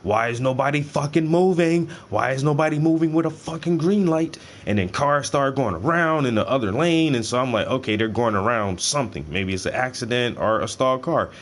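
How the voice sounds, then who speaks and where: A man telling a story in casual, profane slang while he paints, his delivery animated and loose. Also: medium pitch, brisk, hardly any pauses. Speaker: painting stream host.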